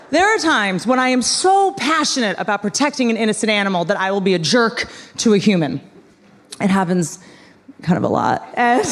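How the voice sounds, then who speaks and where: A woman's voice: a little high, slight background noise. Sarcastic woman doing stand-up in a hall. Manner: sarcastic, wry storytelling. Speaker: stand-up comedian. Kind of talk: stand-up comedy set. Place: large theater before a live audience. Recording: live stage with hall reverb, audience.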